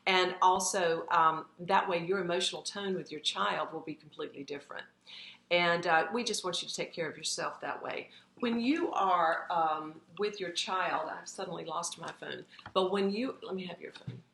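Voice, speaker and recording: Bright-voiced woman giving parenting advice. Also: on the low side, normal speed, vocal fry. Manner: earnest, conversational, lots of fillers. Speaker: parenting educator. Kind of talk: live-streamed advice talk. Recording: echoey room, faint background noise.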